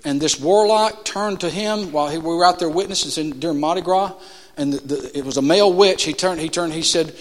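A man preaching a sermon in a church. He tells stories, building to loud emphatic peaks and then dropping low and quiet. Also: a little fast. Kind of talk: sermon with storytelling. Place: church sanctuary. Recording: long reverb of a large hall.

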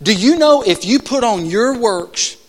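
High, lively preacher in reverberant hall. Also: male voice, unhurried. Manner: call-and-response, rhetorical questions to the congregation; shouts and drops to soft asides. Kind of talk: sermon. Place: church. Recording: long church hall reverb.

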